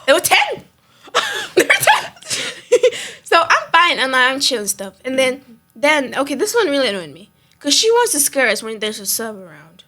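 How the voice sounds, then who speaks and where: High, lively young woman telling stories. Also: a little fast. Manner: animated, dramatic storytelling, laughing through her words. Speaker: podcast host. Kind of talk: casual chat.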